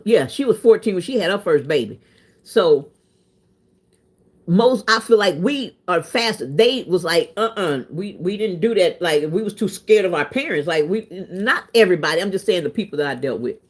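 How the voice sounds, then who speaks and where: A woman's voice: lowish voice, moderate pace. A woman, chatting casually and animatedly as a vlogger telling personal stories. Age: 30s. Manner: animated, emphatic, swings into quoted voices. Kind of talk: casual storytelling chat.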